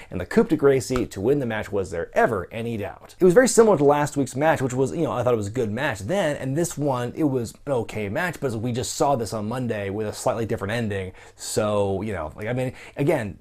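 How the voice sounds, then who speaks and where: A man's voice: medium pitch, a little mellow. A young man giving a casual, chatty solo review of a wrestling event, with lots of asides and fillers.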